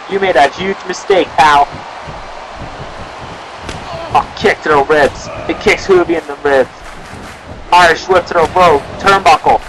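A young man giving excitable amateur play-by-play commentary on a wrestling match, often shouting exclamations. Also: fairly high pitch. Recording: noisy amateur video with crowd.

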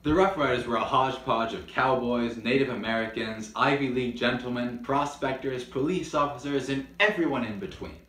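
A man of middling pitch hosts a scripted history lesson, playful and joking, now and then bursting into mock-heroic shouts. His voice rings in a roomy, echoey space. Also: a little fast, few pauses, faint music behind. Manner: playful, with mock-dramatic outbursts. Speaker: history video host. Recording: roomy echo.

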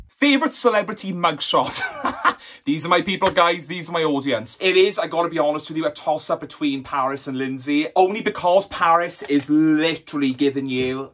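A man's voice: fairly high pitch, expressive, normal speed, a bit bright, slight background noise. A flamboyant Welsh man in his twenties chats through a Q&A vlog. His voice leaps all over the place with camp, sassy energy, and he swears freely. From Wales. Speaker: YouTuber. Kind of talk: casual Q&A vlog.

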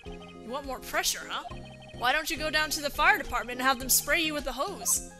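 A woman's voice: high voice, fairly quick, natural voice. A woman voicing a dry, sarcastic young male defense lawyer, reading game dialogue aloud. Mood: wry. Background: game music.

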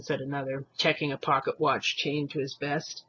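A man's voice: medium pitch, moderate pace, muffled recording, slight background noise. A man reading a young adult novel aloud, narrating expressively. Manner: expressive reading, voicing thoughts and characters. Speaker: audiobook reader. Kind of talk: storybook narration.

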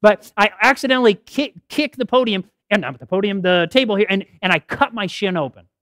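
A middle-aged man giving a health talk at a church podium, telling stories with lively acted quotes. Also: sits high, a little fast, dry recording, clean studio sound. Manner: animated storytelling with acted quotes. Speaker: health seminar speaker. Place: church hall. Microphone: podium mic.

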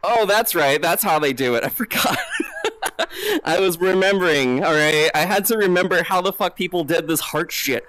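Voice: medium pitch, normal speed, fairly bright tone, dry recording, poor audio. A streamer chatting casually and hyperactively on a live VR stream, swearing freely. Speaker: VTuber streamer. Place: home setup, playing VR. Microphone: VR headset setup.

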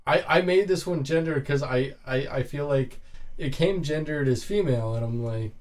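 A man's voice: mid-range voice, normal speed, a little mellow. A man co-hosting a podcast in casual chat, rambling and stumbling over his words. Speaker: podcast co-host.

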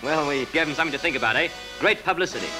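A man plays a publicity man who rattles out his words at speed in a raised voice. He wheedles and flatters, and his nerve gives way quickly. A music score sits under the old film soundtrack. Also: a little high, lightly acted, low-quality recording. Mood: breezy. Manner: rapid, wheedling, panicky when threatened. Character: fast-talking publicity man, cowardly.

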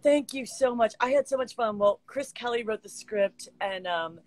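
Effusive woman, kinda high voice, dry close sound, laughing a lot on a video call. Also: a little mellow, dry recording. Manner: gushing, effusive, quick to laugh. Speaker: guest actress. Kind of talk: casual chat over video call.

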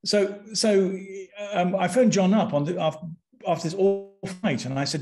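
An older man from Britain, a podcast guest, telling a personal story with animated intensity and frequent restarts. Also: sits high, normal speed, music in the background.

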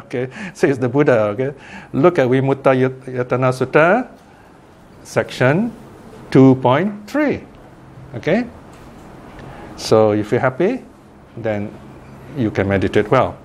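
An older man teaching a Buddhist class in a relaxed, conversational way, often checking in with listeners by asking "okay?" and "right?" and chuckling now and then. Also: mid-range voice. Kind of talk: informal Dhamma class talk.

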